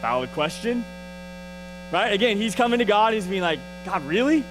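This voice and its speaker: Over music on a rough recording, a man teaches a casual Bible lesson at church in a high, very animated voice at normal speed. He talks conversationally, often checking in with "right?" and "okay?", and frequently restarts and repeats words.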